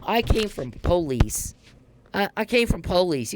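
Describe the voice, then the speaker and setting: A woman's voice: on the low side, very animated, measured pace, dry recording. A woman hosting a podcast in a casual monologue, talking bluntly and heatedly, swearing often and repeating herself for emphasis. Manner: blunt, profane, heated and repetitive. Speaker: podcast host.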